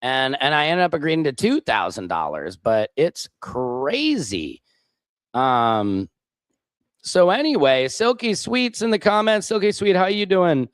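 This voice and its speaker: A man's voice: on the high side, sing-song, a little slow, clean tone, no echo. A man hosting a casual livestream, rambling chattily and reading viewer comments aloud. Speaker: livestream show host.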